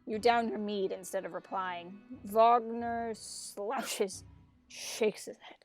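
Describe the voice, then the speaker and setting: A woman's voice: medium pitch, fairly even intonation, takes it slowly. A woman on a casual gameplay stream, reading the story text aloud and slipping into playful voices for the characters between chatty asides. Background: faint game music.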